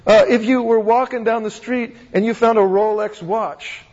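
Heard through a dull recording in an echoing hall, this pastor speaks conversationally to a live congregation, asking rhetorical questions and often starting his sentences over. His voice sits high and is darkish in tone, steady and moderately paced.

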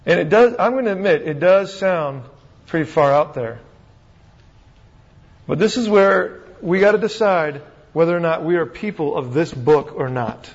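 Male pastor, higher-than-average voice, chatty sermon full of restarts and questions, dull lo-fi sound. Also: moderate pace, breathy edge. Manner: conversational, asks rhetorical questions, frequent restarts. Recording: dull recording in a reverberant hall.

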